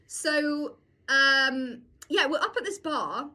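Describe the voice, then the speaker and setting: Lively high-voiced young woman. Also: slow. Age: 20s. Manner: animated storyteller, acts out quotes. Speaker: podcast co-host. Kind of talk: casual chat.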